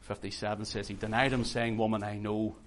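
A man preaching a sermon with passion, moving from hushed, quiet passages to loud, urgent outbursts. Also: lowish voice, little pitch movement, brisk, heavy background noise. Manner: impassioned, swings from hushed to shouting.

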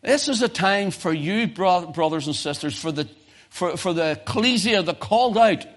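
Speaking with a British accent, a man delivers a sermon that starts as quiet, low musing and rises to loud, high-pitched exhortation. He is expressive and keeps a moderate pace.

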